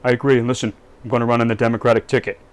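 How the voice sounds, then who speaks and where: Man doing a brash bragging tycoon, louder than his own talk, loose impression. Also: mid-range voice, level tone, rapid-fire, close to an everyday voice. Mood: eager. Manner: boastful, self-admitted crappy impression. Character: boastful brash male American tycoon-politician.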